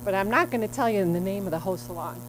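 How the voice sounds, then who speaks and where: A woman's voice: medium pitch, rapid-fire, noisy background. A middle-aged woman telling a rambling, chatty story in a stand-up set at an open mic.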